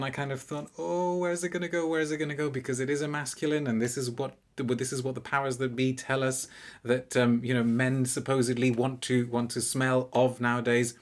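A man hosting an unscripted live review, chatty and animated, with frequent restarts. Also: medium pitch. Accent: non-French, anglicised French pronunciation.

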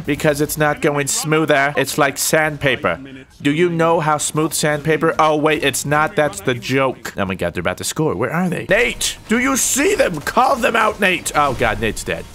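Hoarse, goofy young man gaming. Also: fairly high pitch, slight background noise. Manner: goofy, self-mocking, excitable yelps. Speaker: gaming YouTuber. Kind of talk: gameplay commentary.

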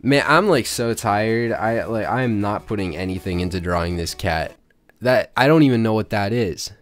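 A man's voice: on the low side, lively intonation, normal speed. Rambling sick man doodling on stream. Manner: rambling, jokey, talks to chat. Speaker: YouTube drawing creator. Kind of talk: casual drawing commentary.

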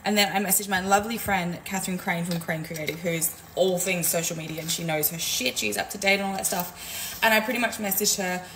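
Her fairly low voice moves a little fast over background noise. A business coach who owns a community rants casually to camera while making coffee at home, frank, profane, exasperated and chatty.

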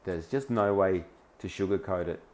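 A man's voice: low voice, normal speed. A man with an Australian accent giving a mocking, ranting commentary over news clips. He often laughs between phrases and hammers home points with lists of single words. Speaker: online commentator.

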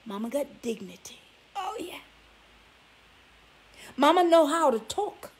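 A woman's voice: high voice, sing-song, takes it slowly. A woman vlogger giving relationship advice, scolding her listeners with sassy rhetorical questions. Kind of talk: preachy talk to camera.

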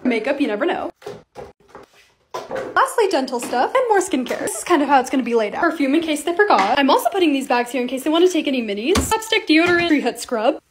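Bubbly young woman vlogger, high and lively voice, quick casual voice-over. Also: noisy background. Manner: bubbly, chatty, excitable. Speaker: lifestyle vlogger.

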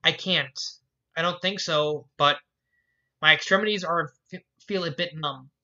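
A reader voicing a shy, bookish young woman who talks hesitantly and haltingly, in a fan fiction read aloud. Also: mid-range voice, sharp tone. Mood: hurting. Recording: dull lo-fi recording.

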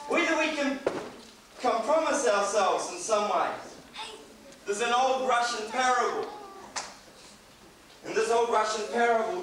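High-voiced man preaching in an echoey church. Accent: New Zealand. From New Zealand. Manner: conversational, joking asides. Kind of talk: sermon. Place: church hall. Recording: echoey hall, distant mic, faint hiss.

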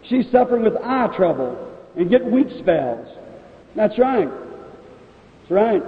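At a revival healing service in a large meeting hall, a male evangelist speaks directly to people in the audience and calls out their ailments. His voice is high-pitched with big pitch swings, and he talks slowly with frequent pauses. The echoey hall comes through on a tinny old 1950s tape.

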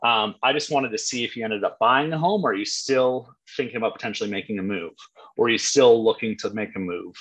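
A male real estate coach with a bright, forceful voice that cuts through. He talks bluntly and emphatically and swears freely to drive each point home. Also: fairly low pitch, a little fast, slightly rough, rough recording. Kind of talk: live coaching talk.

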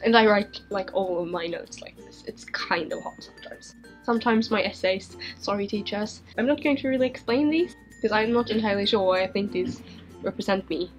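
A woman's voice: mid-range voice, brisk, soft background music. A young woman in her teens from Sweden, chatting on camera in her bedroom, rambling and giggling, her voice strained and fading. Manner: rambling, giggly, self-interrupting. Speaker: vlogger. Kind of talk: casual chat answering viewer questions.

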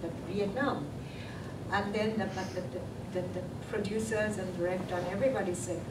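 An older woman with an English accent telling an anecdote at a convention panel, halting with many restarts and laughing a lot. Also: medium pitch, fairly even intonation. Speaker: panel guest, actress. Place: convention hall. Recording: echoey hall from far off with loud noise.

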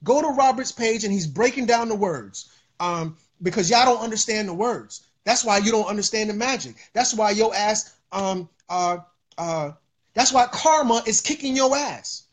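High-pitched male streamer; loose, preachy riffing with filler words and repeats. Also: expressive, moderate pace. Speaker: livestream host. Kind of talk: casual livestream monologue.

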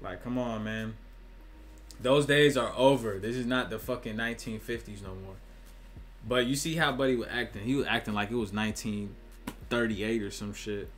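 A man's voice: fairly low pitch, fairly bright tone, slight background noise. Blunt, profane man ranting. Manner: profane, blunt, slangy, acts out quick voices. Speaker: online commentator. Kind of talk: casual opinion rant to camera.

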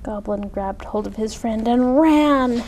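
Slow, expressive woman reading a storybook. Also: on the high side, slight background noise, low-quality recording. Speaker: story reader. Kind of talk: children's storytime read-aloud.

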